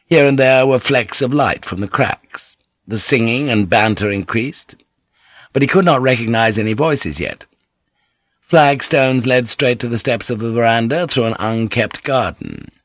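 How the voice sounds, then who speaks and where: A man narrating an audiobook in a measured, descriptive reading. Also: lowish voice, husky, no echo, dull audio. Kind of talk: scripted narration.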